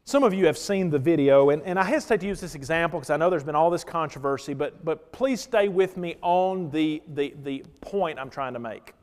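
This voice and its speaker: A man preaching a sermon as pastor, telling stories and swinging between loud emphatic lines and hushed ones. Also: a little high, expressive, brisk, few pauses, big-room sound.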